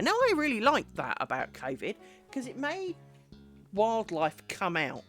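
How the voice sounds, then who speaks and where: Animated, rambling woman streamer. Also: medium pitch, a little slow, faint music behind. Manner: rambling, animated storytelling with many fillers. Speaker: craft streamer. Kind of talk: casual chat while making lace.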